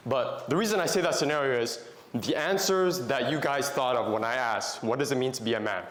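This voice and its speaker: A man's voice: medium pitch, a little fast, fairly bright tone. A young adult man giving a Christian talk to young men, telling stories in a conversational way and putting questions to the audience. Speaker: motivational Christian speaker. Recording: echoey room.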